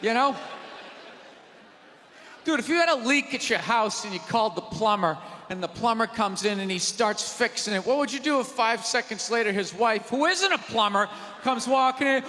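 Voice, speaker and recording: A man doing a stand-up routine in a large theater, ranting loudly and mocking people in put-on voices. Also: extremely high pitch, animated, normal speed. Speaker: stand-up comedian. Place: large theater with live audience. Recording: live theater recording, hall reverb, audience noise. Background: audience laughter and crowd.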